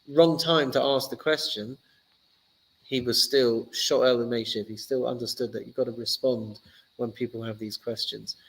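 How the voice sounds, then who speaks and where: A man's voice: medium pitch, fairly bright tone, breathy edge, rough recording. A man, a rabbi giving a casual lesson, telling stories in a chatty, joking way. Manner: chatty, joking, loose storytelling. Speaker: rabbi teaching a class.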